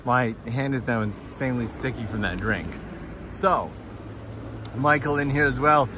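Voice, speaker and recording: A man hosting a live stream as he walks outdoors through city streets at night, telling stories in a chatty, animated way. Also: fairly high pitch, background noise. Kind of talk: casual live-stream walking tour.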